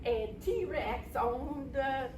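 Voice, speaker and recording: An excitable small-town sheriff, put on by a woman storyteller, rambling on in a folksy drawl and bursting into gleeful shouts. The voice sits high and slow. It comes from far off in an echoey hall with noise behind. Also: exaggerated voice. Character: excitable Cajun male sheriff, chatty. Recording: roomy hall, mic far off, noisy.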